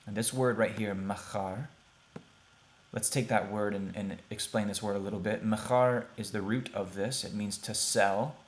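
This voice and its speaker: A man teaching a beginners' Hebrew lesson over a shared screen, talking plainly and repeating words slowly for pronunciation. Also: fairly low pitch. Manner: plain, conversational, thinks aloud with fillers.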